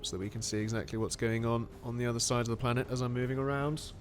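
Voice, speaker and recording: A man giving excitable, animated play-by-play commentary on a strategy game. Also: mid-range voice, fast, faint music behind.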